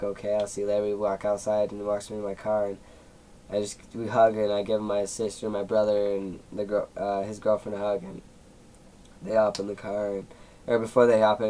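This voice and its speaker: A teen YouTuber, seventeen, tells a personal story in a casual vlog, rambling with lots of fillers and sometimes emotional. His voice is lowish with a darkish tone, captured in a low-quality recording.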